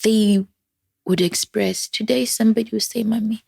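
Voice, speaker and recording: Gravelly, husky woman. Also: mid-range voice, a little slow, no echo. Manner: soft-spoken, often close to a whisper, switching between English and Setswana. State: grieving. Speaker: interview guest. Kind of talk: emotional personal storytelling.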